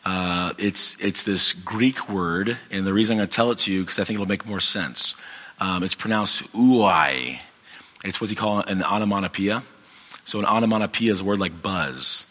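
A man's voice: sits low, steady tone, normal speed, pushed and bright, husky, long reverb tail. A man teaching from the Bible in a casual, conversational way, with a strained, fading voice, many fillers and restarts. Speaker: pastor.

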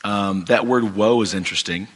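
Low-voiced pastor with a strained voice. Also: male voice, moderate pace, breathy edge, big-room sound. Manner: conversational, many fillers and restarts. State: strained, fading voice. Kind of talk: casual Bible teaching.

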